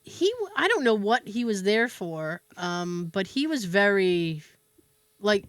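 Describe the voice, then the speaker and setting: A woman hosting a podcast, telling a story in a casual, animated way with laughs and swearing. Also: mid-range voice, unhurried, no echo. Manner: animated, laughing, profane, with fillers. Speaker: podcast host.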